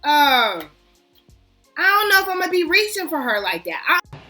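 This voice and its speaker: High bright-voiced woman chatting about perfume, animated, soft music playing. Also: normal speed. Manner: chatty, animated, self-mocking, addresses viewers as y'all. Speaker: fragrance vlogger. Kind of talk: casual chat to camera.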